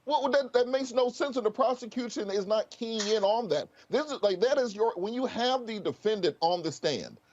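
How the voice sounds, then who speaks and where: Male panelist, high voice, punchy questioning, muffled lo-fi sound. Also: animated, normal speed, hardly any pauses, a little hiss or hum. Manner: mock cross-examining, punchy questions. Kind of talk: animated panel discussion. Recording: dull lo-fi remote audio.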